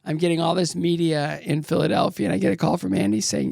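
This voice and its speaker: A man's voice: high-pitched, fairly even intonation, quick pace, gravelly, a little mellow, dry recording, clean studio sound. A middle-aged man, a former athlete, telling candid, rambling stories as an interview guest and acting out the voices of people he quotes. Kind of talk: casual storytelling interview.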